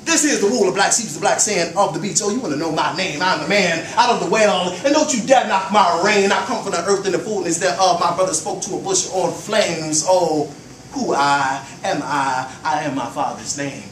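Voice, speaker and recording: A man's voice: sits high, moderate pace, a little hiss or hum. Man performing spoken-word poetry in a roomy venue. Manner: rhythmic, swings from hushed to loud chant. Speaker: performance poet. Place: open mic venue. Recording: roomy live recording from a distance.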